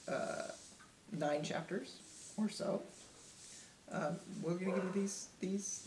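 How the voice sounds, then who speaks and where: A woman's voice: on the low side, a little mellow, echoey room, a little hiss or hum, low-quality recording. A woman teaching a book discussion in an earnest, direct, encouraging way, laughing often, recorded at home. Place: home room.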